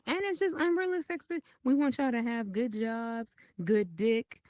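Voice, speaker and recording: A woman in her thirties, a podcast guest in casual chat, telling stories in an animated, profane way. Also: fairly high pitch, moderate pace, dry recording, clean studio sound.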